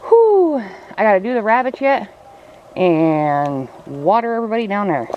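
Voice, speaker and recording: A woman's voice: medium pitch, animated, moderate pace, highs cut off. Chatty farm lady doing chores outside, voice bouncing all over, clucking hens and noise behind. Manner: chatty, coos baby talk to her animals. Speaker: farm vlogger. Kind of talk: casual chat while doing chores. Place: outdoors at a chicken coop on a farm. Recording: noisy outdoor farm recording. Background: chickens clucking.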